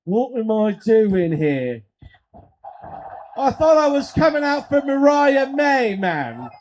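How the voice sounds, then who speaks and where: A man putting on a brash, haughty female wrestler with a campy mock accent and drawn-out words. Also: very high-pitched, big pitch swings, darkish tone, slight background noise, exaggerated voice. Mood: indignant.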